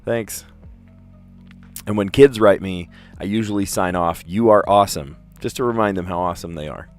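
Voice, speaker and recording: A deep-voiced man talks his way through word puzzles on a casual livestream, musing out loud and tossing in amused little asides. Soft music plays faintly behind him. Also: brisk. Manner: chatty, thinks aloud, self-amused asides. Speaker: teacher and puzzle livestream host.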